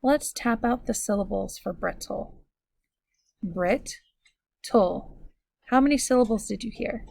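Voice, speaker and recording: A woman teacher giving a recorded phonics lesson, speaking slowly and clearly as she walks students through each step. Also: fairly high pitch, darkish tone, dry recording. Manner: slow, clear, instructive.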